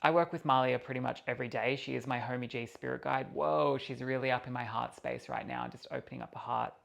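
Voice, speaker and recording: A man's voice: medium pitch, lively intonation, fast, gravelly, fairly bright tone. A man, a psychic, talking to camera in an earnest, chatty, spiritual way. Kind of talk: casual talk to camera.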